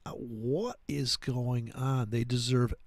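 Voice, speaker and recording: A man's voice: medium pitch, steady tone, slow, dry recording. A man hosting a trading livestream, ranting crudely and mockingly in a casual, profane way. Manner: crude, mocking, puts on silly voices for quotes. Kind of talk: rambling profane political rant.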